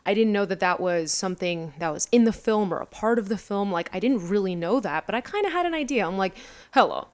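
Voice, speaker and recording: A woman's voice: medium pitch, animated, fast talker, few pauses, a little mellow. A young adult woman co-hosting a casual fan chat, telling a long story in a rambling way with lots of fillers. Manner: rambling storyteller, heavy on fillers like "you know".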